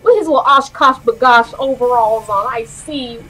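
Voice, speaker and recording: A woman streaming video games, reacting loudly and animatedly, with shrieks and running commentary. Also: fairly high pitch, normal speed, over music. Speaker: gaming streamer.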